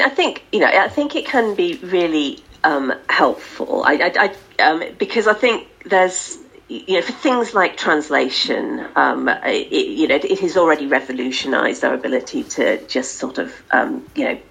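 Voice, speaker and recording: Low, gravelly-voiced woman guest. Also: expressive, normal speed, fairly bright tone, low-quality recording. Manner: hesitant, many fillers. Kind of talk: casual conversation.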